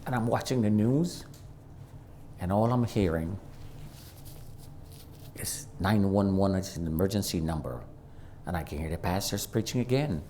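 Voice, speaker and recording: A man's voice: animated, measured pace, pauses often, a little hiss or hum. Man preaching a dramatic testimony. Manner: dramatic storytelling, shifts from loud and high to low and quiet; acts out quoted voices. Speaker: guest preacher. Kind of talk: sermon testimony storytelling. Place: church sanctuary.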